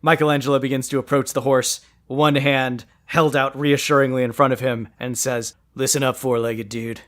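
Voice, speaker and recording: A man's voice: mid-range voice, level tone, moderate pace, a bit bright. A man casually narrating his character's actions in a comedy role-play, playful and laughing. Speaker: tabletop role-play player.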